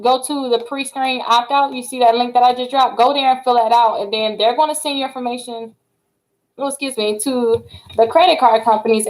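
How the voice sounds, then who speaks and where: A woman with a slightly high voice runs a casual livestream from her home desk. She rattles along quickly and keeps talking directly to her viewers. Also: poor audio. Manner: fast-talking, chatty, addresses viewers as y'all. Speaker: credit repair livestream host. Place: home setup with multiple screens.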